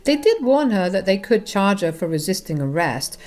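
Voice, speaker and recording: A woman's voice: mid-range voice, very animated, moderate pace, darkish tone. A woman narrating a first-person family drama, talking directly to her listeners in a conversational way. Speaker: storyteller.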